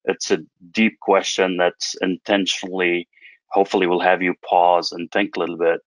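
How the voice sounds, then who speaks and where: Very deep-voiced man presenting a webinar. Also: little pitch movement, normal speed, no echo. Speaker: guest speaker, business coach. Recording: dull, dry video call audio.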